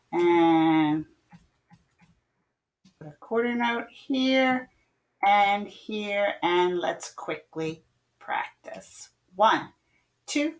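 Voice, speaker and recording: In a mid-range voice, a female music teacher leads an online class, chanting rhythm syllables for her pupils to repeat back. She calmly explains note values, sings rhythms aloud and calls out playful games.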